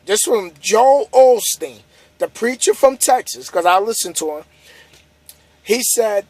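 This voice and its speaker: A man's voice: very high voice, a little slow, no room sound. A tired man, a trucker vlogger, giving a casual, repetitive motivational monologue to the camera. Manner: casual, repetitive, preachy, building up emphasis. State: tired, yawning.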